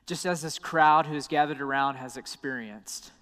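Male pastor, sermon, fairly high voice, drops quiet and low for quotes, long reverb. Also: normal speed, few pauses. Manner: dramatic drops to a soft, low voice for quoted words.

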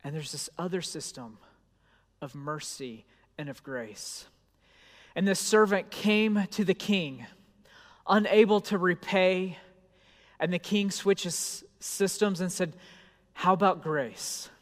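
Male pastor, storytelling sermon, slightly high voice, rises loud then drops hushed; long hall reverb. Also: takes it slowly.

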